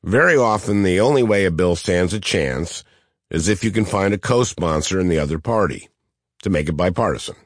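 A middle-aged man with a nasal Midwestern twang and a low, deep voice narrates his memoir as an audiobook. His delivery is dry and deadpan. The sound is close and dead, with no room echo. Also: a little fast. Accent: Midwestern American. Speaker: senator reading his own memoir.

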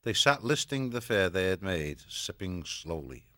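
A man narrating a children's fantasy audiobook in a measured, even storytelling manner. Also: low voice, no echo, studio quality.

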